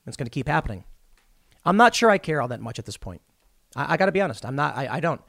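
Guy ranting his political take straight to camera, kinda high voice, dead dry room. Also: very animated, fast, vocal fry, a bit bright, no room sound. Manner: blunt, talks straight to the viewer with a personal take; retells events by acting out quoted dialogue. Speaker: political commentator. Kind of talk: opinionated commentary monologue.

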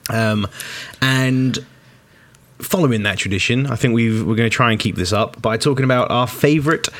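A young man hosting a casual film podcast, talking in an upbeat, jokey way. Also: lowish voice. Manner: upbeat, jokey, lively intros. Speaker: podcast host and producer. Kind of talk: casual chat.

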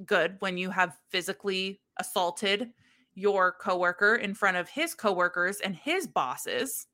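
Young woman, podcast co-host, bright voice, animated storytelling. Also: medium pitch, measured pace. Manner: animated storyteller, acts out quotes. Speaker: podcast co-host recapping a book. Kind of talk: casual chat.

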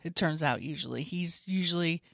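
A woman improv comedian in casual, jokey comedy banter with an animated delivery. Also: deep voice, a little fast, vocal fry, no echo, clean studio sound. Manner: animated, jokey, slips into character voices.

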